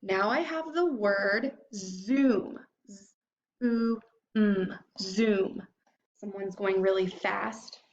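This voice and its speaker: Woman teacher slowly sounding out phonics. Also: medium pitch, lo-fi sound. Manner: slow, clear sounding out of word parts. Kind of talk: phonics lesson for young children. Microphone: computer microphone.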